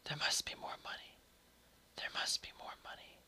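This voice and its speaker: A man's voice: normal speed, sharp tone, no echo. A man voicing a ghostly voice that haunts a house, in a faint, unvoiced whispered role-play. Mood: eerie.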